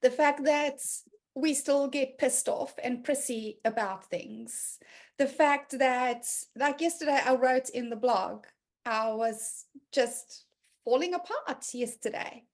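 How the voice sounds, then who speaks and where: Animated woman hosting a video-call session. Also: high-pitched, slow. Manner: animated, laughs often, acts out quotes. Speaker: group session host. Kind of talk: casual online group session.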